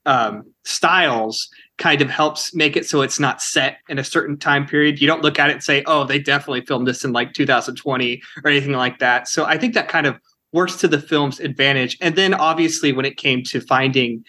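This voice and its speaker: A man's voice: medium pitch, a little fast, bright, forceful tone. A man from Kansas, a film director answering interview questions in a chatty way, full of "you know" and "like". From Kansas, United States.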